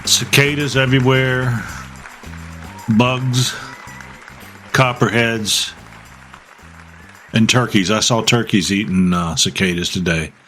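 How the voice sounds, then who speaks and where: A man's voice: on the low side, fairly even intonation, takes it slowly, pauses often, fairly bright tone, soft background music, some chatter behind. A man hosting a podcast in casual, joking chat. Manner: joking, rambling. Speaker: podcast host.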